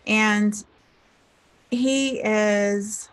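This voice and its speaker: A woman's voice: medium pitch, very slow. A woman giving a casual motivational talk as a life coach, chatty and acting out the people she quotes. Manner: chatty, acts out quoted people in lively voices. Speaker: spiritual teacher and life coach.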